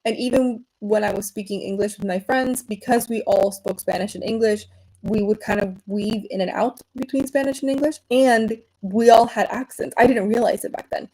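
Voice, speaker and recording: Woman, mellow tone, loose rambling livestream chat full of fillers. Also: medium pitch, fairly even intonation, moderate pace, poor audio. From Venezuela. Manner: rambling, frequent fillers and restarts. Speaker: livestream host.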